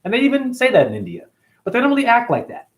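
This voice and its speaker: A man's voice: very high-pitched, huge pitch swings, fast. A man hosting a casual livestream, reading viewer comments aloud and rambling in loose, slangy talk.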